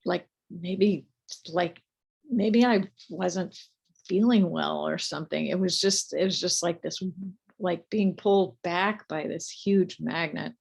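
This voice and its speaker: A middle-aged woman slowly telling a personal spiritual story, halting, with many fillers and restarts. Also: on the low side, gravelly, a little mellow, slightly rough. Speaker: group leader telling her spiritual story.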